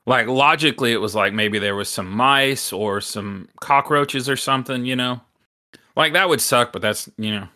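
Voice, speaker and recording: A man's voice: medium pitch, moderate pace, sharp tone. A man hosting a podcast, telling a story in a rambling, casual way with lots of filler words and some swearing. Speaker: podcast host.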